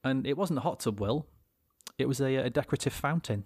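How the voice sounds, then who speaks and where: A man's voice: medium pitch, a little fast, no room sound, studio quality. A young British man, a podcast co-host, telling a rambling anecdote with plenty of swearing and restarts. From Britain. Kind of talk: casual storytelling chat.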